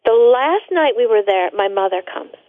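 A woman guest telling a personal story in a radio interview, earnest and halting, with many restarts. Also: fairly high pitch, animated, dry recording. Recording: tinny phone line.

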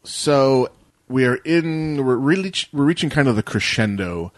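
A man's voice: mid-range voice, lively intonation, a little slow, no echo. A man co-hosting a casual tech news podcast, talking in a wry, rambling way with jokey asides. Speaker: podcast co-host.

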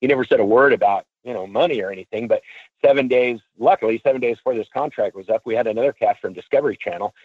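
Husky auctioneer guy on a phone line, telling a story all casual, swears a bit. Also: mid-range voice, quick pace, dry recording. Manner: animated storyteller, acts out quotes. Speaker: auctioneer guest. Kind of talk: storytelling interview.

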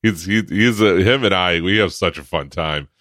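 A man co-hosts a podcast in casual chat, sarcastic and joking and often laughing as he talks. He has a low, fairly bright voice at a moderate pace, captured in clean studio sound with no echo.

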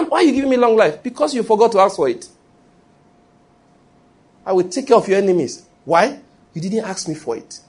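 A middle-aged man with a Nigerian accent, preaching a sermon and telling lively stories with acted quotes. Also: high-pitched, husky. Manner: animated storytelling preaching with acted quotes and pidgin asides. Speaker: pastor.

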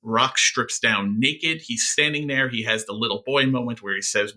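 A man co-hosting a podcast, talking through a TV episode in a thoughtful, halting way with frequent fillers. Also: mid-range voice, pushed and bright. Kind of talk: casual recap discussion of a TV episode.

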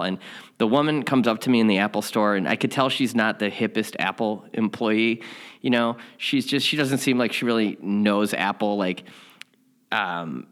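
A man teaching a spiritual lesson, telling a candid story in a rambling, self-mocking way before reading the day's lesson. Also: fairly low pitch.

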